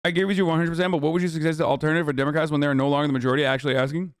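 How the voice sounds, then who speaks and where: Rapid-fire and steady in tone, this slightly high male voice belongs to a young streamer tearing into a news clip with profane, exasperated remarks full of fillers. Studio-clean audio, no echo.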